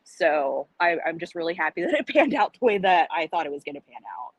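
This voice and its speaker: An upbeat woman chats on a podcast, relaxed and sure of herself. Her voice sits a little low and sounds close and dry, with no room around it. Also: a little fast, dry recording, rough recording. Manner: upbeat and confident, animated when quoting people. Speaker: podcast co-host supporting from abroad. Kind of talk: casual chat.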